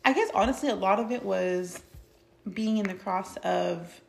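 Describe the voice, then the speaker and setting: A woman's voice: mid-range voice, moderate pace, vocal fry, a little hiss or hum. A woman guest in a casual chat, speaking candidly and reflectively.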